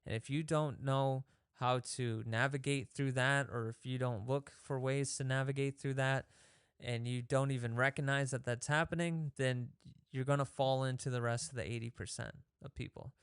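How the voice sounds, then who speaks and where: A man with a smooth, resonant voice talks casually as a fitness host, coaching his listeners. He often acts out the thoughts in people's heads and restarts his sentences. The sound is close and dry, with no room echo. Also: mid-range voice, fairly even intonation, normal speed. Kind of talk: casual motivational talk.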